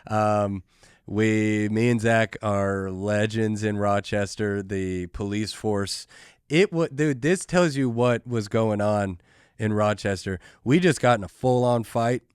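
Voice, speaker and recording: A young adult man, a comedian hosting his own podcast, telling a story in a casual, animated way with lots of filler words. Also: on the low side, smooth, dry recording, clean studio sound. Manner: animated, fast, full of "like" and "dude".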